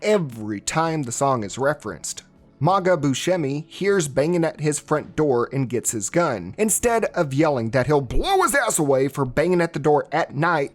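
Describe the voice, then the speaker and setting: A man giving sarcastic, mocking commentary as a movie reviewer. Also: on the high side. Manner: snarky, mocking.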